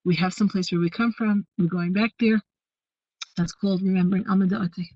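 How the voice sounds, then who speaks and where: A woman's voice: mid-range voice, steady tone, a little fast, no room sound. Woman teaching, dry lo-fi sound. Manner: storytelling with many fillers and restarts, warm asides. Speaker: teacher of a women's course. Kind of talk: teaching, retelling a Hasidic story.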